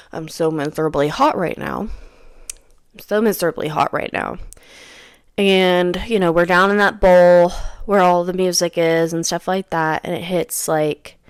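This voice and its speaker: A young woman chats through a personal story as a podcast host, looping back over her own phrases. Her voice sits a little low and comes across smooth and clear. The sound is dry and close. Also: dry recording. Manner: rambling, repeats her phrases. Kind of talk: casual storytelling.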